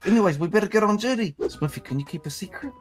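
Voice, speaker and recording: A man's voice: high-pitched, expressive, rapid-fire, faint music behind. A man playing a police officer in a gaming roleplay, rowdy and swearing often.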